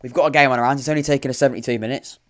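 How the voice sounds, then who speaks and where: A man's voice: mid-range voice, fairly even intonation, racing. A man hosts a live football watchalong from home, talking in a loose, rambling way. He keeps breaking off and restarting, and drops dry, sarcastic remarks between bits of play-by-play. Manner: rambling, self-interrupting, dry sarcastic asides. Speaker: podcast host commentating a live watchalong. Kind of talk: casual live match commentary and chat.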